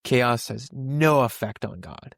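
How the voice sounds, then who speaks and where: A man's voice: mid-range voice, lively intonation, slow, vocal fry, no room sound, studio quality. A young man co-hosting a podcast, talking through a Bible passage in a casual, rambling way with many restarts and fillers. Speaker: podcast co-host.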